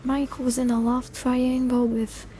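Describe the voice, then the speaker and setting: A young woman in soft-spoken ASMR style, her voice high and mellow. She rambles loosely, drifts off topic and pokes fun at herself, with the odd slip into a whisper. A faint hum sits behind her. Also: level tone, unhurried. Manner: rambling and self-deprecating, loses focus. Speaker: ASMR creator.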